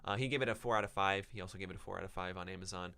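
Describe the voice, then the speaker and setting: This is a man hosting a podcast, chatting loosely without a script and wandering between thoughts with plenty of ums. His voice sits a little low but sounds bright and forward. It is clean and smooth throughout. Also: racing. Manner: rambling, with many ums and self-corrections. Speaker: podcast host reviewing books. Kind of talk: unscripted casual podcast talk.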